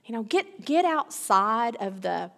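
A woman's voice: a little high, sing-song, measured pace, creaky, fairly bright tone. Woman preaching in a reverberant hall. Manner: emphatic, repeats key phrases, builds in intensity. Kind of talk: sermon. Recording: long reverb of a large hall.

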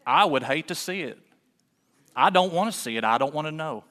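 A man preaching a sermon in a relaxed, folksy way, full of rhetorical questions, in a church sanctuary. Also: on the high side, a little fast, big-room sound. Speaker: pastor.

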